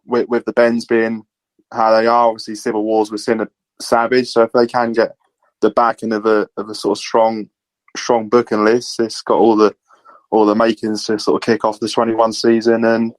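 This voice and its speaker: A man's voice: lowish voice, monotone, normal speed, dry recording, poor audio. A man, a podcast guest, speaking hesitantly and repeating words as he gives his view. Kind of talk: casual podcast chat.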